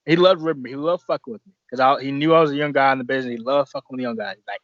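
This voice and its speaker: Wrestler guest for a podcast, rambling and profane, mid-pitched, dry dull recording. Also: male voice, racing, hardly any pauses, fairly bright tone, dry recording. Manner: rambling, profane, restarts often. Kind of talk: casual podcast storytelling.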